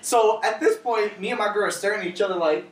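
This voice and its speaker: A man's voice: sits high, quick pace. A young man hosting a casual chat, swearing and acting out other people's lines. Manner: animated, profane, acts out quotes. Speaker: host. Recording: roomy, distant from the mic, faint hiss.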